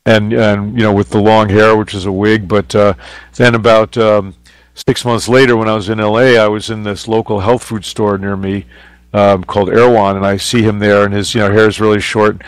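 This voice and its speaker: A man's voice: fairly low pitch, flat delivery, normal speed, no echo. A man, a photographer guest on a radio show, telling anecdotes in a loose, rambling way with many fillers. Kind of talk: casual interview storytelling. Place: radio studio.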